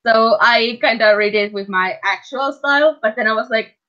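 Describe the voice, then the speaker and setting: A woman's voice: mid-range voice, normal speed, pushed and bright. A woman chatting casually on a livestream while she draws, playful and teasing, laughing often. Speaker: streamer and animator. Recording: dull lo-fi stream audio.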